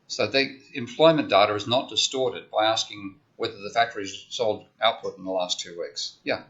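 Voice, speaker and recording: A man's voice: fairly low pitch, normal speed, a bit bright. A man giving a university economics lecture, explaining step by step in a conversational way and checking in with "okay?". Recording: dull lo-fi lecture recording.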